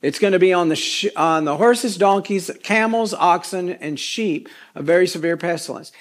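A man's voice: high voice, moderate pace, few pauses. A man teaching a casual Bible study, folksy and rambling with chatty asides.

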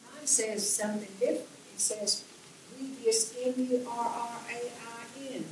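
A woman's voice: on the high side, fairly even intonation, unhurried, a little mellow, a little hiss or hum. A woman in a Bible class chiming in from the group, heard from a distance. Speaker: class member. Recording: distant, heard from across the room.

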